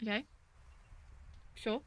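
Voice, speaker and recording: A woman's voice: slow, fairly bright tone. A young woman chatting through a game playthrough, easily spooked and joking, with game music behind her. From Australia. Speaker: gaming streamer. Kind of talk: let's play commentary.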